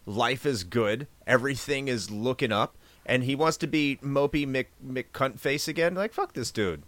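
A man's voice: mid-range voice, moderate pace, fairly bright tone, dry recording. A man guesting on a podcast, sarcastically and crudely ranting about a movie in casual chat.

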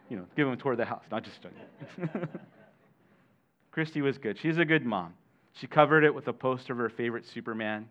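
Animated middle-aged male pastor preaching. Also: fairly high pitch, moderate pace. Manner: animated, questions the congregation, jokey asides. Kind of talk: sermon. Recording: dull lo-fi sermon recording.

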